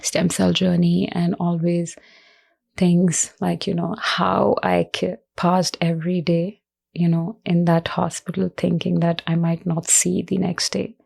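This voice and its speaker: A woman speaks in an interview with a flat, even delivery and a gravelly edge to her lowish voice. She is earnest and reflective, often pausing mid-phrase, and her emotion shows as her voice cracks at times. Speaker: guest, cancer survivor. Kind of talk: personal interview talk.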